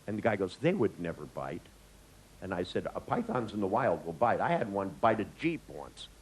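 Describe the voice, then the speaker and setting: A man telling an anecdote in a lecture, acting out the voices with big jumps in pitch, swearing now and then and laughing at his own tale. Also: very animated, brisk, breathy edge, rough recording. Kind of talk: storytelling in a lecture.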